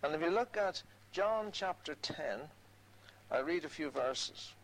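Older man preaching a sermon, higher voice. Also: expressive, rough recording. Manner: reads scripture slowly, conversational asides.

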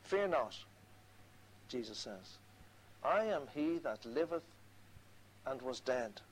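A man's voice: mid-range voice, expressive, slow, slight background noise, rough recording. A man preaching a sermon, earnestly quoting scripture and repeating key phrases for emphasis.

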